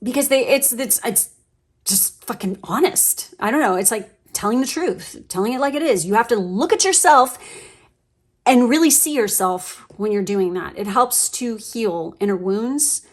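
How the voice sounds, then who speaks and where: A woman's voice: fairly high pitch, lively intonation, moderate pace. Woman tarot reader, chatty, emotional, casual swearing, lots of fillers. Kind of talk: casual spiritual reading.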